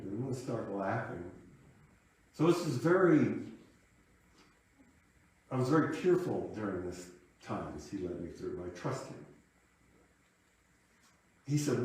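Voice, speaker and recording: This minister, a man in his late fifties, speaks in a mid-range, darkish voice while sharing a personal story in his sermon. He sounds reflective and conversational, heard from afar in a reverberant church sanctuary.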